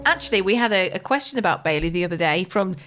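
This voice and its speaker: A woman's voice: lowish voice, animated, quick pace, over loud music. A woman co-hosting a podcast in casual comedic chat, giggly and enthusiastic. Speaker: podcast co-host.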